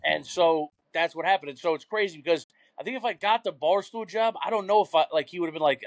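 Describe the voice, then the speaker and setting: A man's voice: sits high, fast talker, no room sound. Profane rambling young New man. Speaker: podcast guest. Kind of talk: casual chat.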